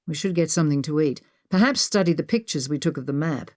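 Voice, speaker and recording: A woman's voice: deep voice, animated, quick pace, darkish tone, no room sound. A woman voicing a wry, teasing adventurer man with a dry sense of humor.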